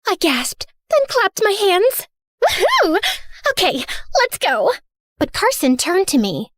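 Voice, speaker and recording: A young woman narrating an animated story as a spoiled, theatrical rich girl, sarcastic and self-centered. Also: extremely high pitch, a little slow, no room sound, clean studio sound, exaggerated voice. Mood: sassy. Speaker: first-person narrator.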